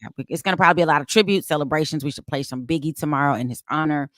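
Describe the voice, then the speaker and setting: Woman co-host, low voice, playful banter, dry close sound. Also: rapid-fire, a bit bright, dry recording. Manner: chatty, playful, sings snippets. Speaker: co-host reading birthdays. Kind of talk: casual sports talk banter.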